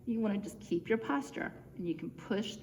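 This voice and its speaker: Speaking at normal speed with lively intonation, this woman guides viewers through simple at-home workouts, giving step-by-step cues in a chatty, upbeat way. She's a bit breathless from exercising along, and her mid-range voice has a slightly mellow quality. The recording comes from an indoor church room with reverb and faint background noise.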